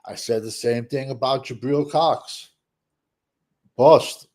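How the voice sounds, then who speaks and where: A man hosting a podcast in casual chat, ranting in an animated, exasperated way. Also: medium pitch, slow. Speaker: podcast host.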